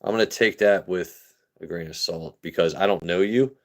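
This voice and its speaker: A man's voice: low voice, normal speed. A young man from Maryland hosting a live stream, chatting casually, swearing and reading chat. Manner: profane, animated, talks to chat. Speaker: livestream host.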